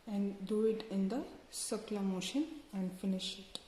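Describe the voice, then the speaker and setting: A woman's voice: mid-range voice, fairly even intonation, moderate pace, warm tone. A woman giving short, step-by-step instructions for bandaging a hand and fingers. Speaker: medical student demonstrating bandaging. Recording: echoey room with faint noise.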